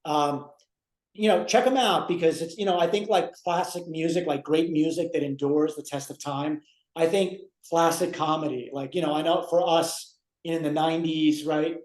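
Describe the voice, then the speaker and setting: A man's voice: on the high side, moderate pace, a little mellow. A man in his forties co-hosting a casual chat, rambling with many fillers as he retells scenes. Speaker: co-host. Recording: roomy echo.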